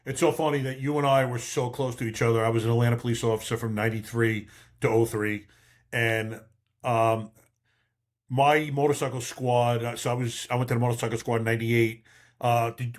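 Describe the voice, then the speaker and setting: A man's voice: mid-range voice, fairly even intonation, a little fast. A man in his fifties hosting a podcast, chatting casually and calling his guest bro and brother. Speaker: podcast host. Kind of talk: casual interview chat.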